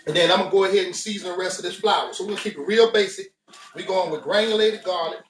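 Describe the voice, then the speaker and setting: A man's voice: high-pitched, fast talker, slight background noise. A man hosting a casual cooking demonstration, chatty and laid-back, talking straight to viewers as he works. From United States. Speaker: cooking show host. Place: home kitchen. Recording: echoey room, mic at a distance.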